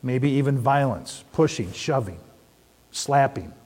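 A middle-aged man preaching a sermon, telling stories and asking the audience questions in an animated way. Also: medium pitch, a little slow, husky. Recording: long hall reverb.

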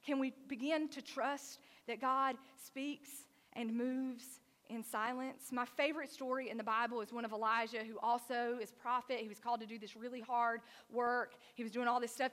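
A woman's voice: fairly high pitch, moderate pace, few pauses. Woman preacher with a long hall echo. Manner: animated storytelling with frequent "like". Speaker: pastor. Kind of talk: sermon.

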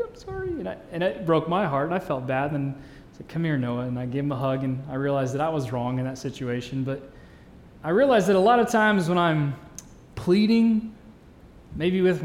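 A pastor in his thirties preaches a sermon in a church hall, earnest and conversational with joking asides. His voice is fairly high with a darkish tone. The hall sounds reverberant, and there's slight background noise.

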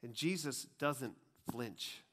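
A man preaching a conversational sermon, chatty and full of asides, dropping to a hushed, grave tone for serious points. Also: mid-range voice, slow pace. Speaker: pastor.

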